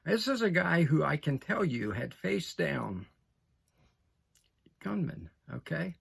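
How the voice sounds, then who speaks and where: An older man with a heavily gravelly, husky voice talks straight to his listeners in an opinion monologue. He stresses his points, repeats them and keeps asking "okay?". His pitch sits a little high for a man. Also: sing-song, slow. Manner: emphatic, repeats phrases, asks "okay?". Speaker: political commentator.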